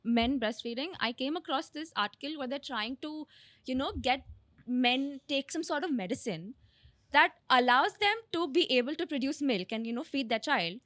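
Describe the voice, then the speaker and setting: A young woman explains her view on a podcast in an earnest way. Her high voice sounds light. The recording is dry and close. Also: expressive, moderate pace, a bit bright, no room sound. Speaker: podcast co-host. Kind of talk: casual chat.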